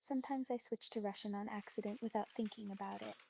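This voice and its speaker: A woman giving calm, polite, reassuring replies in an even chatbot voice. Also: mid-range voice, quick pace, creaky, a little hiss or hum.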